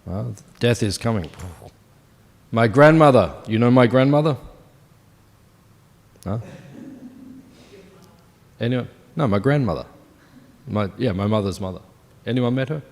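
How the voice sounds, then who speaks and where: A man's voice: mid-range voice, expressive, unhurried, pauses often, darkish tone. Man in his fifties giving a scripture class. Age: 50s. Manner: conversational, asks the audience questions. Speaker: temple class speaker. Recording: long hall reverb.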